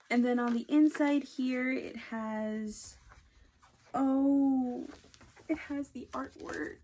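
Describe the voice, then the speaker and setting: A woman talking casually in a book unboxing vlog, gushing with excitement and often dropping to a breathy whisper. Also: a little high, unhurried, a little hiss or hum. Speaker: book vlogger.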